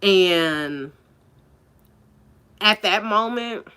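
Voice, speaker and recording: A woman's voice: mid-range voice, lively intonation, extremely slow, sharp tone, smooth. A woman telling a personal story in a casual vlog, chatty and candid, full of "like" and "you know".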